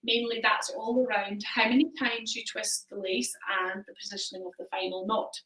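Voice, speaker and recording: Bright-voiced woman explaining, in an echoey room. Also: medium pitch, level tone, brisk, far from the mic. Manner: hesitant, many ums, explanatory. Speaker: shop presenter. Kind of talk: live product chat. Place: home, live stream. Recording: echoey room, away from the mic.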